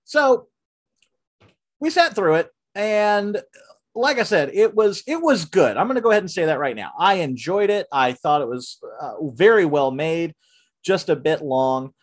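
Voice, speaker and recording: A man hosting a casual podcast, reviewing a film with lots of fillers and restarts, and breaking into animated rants. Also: high-pitched, a little slow. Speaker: podcast host. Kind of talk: casual movie review chat.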